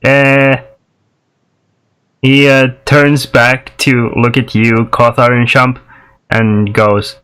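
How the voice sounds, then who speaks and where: A man's voice: medium pitch, little pitch movement, drawn-out words, long pauses, fairly bright tone, smooth. A man narrating a tabletop game as game master, easygoing and often laughing.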